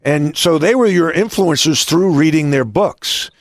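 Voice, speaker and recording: A man's voice: a little high, a little slow, no echo, clean studio sound. A middle-aged man hosting an interview, telling stories with many restarts. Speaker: podcast host and coach. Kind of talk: conversational interview.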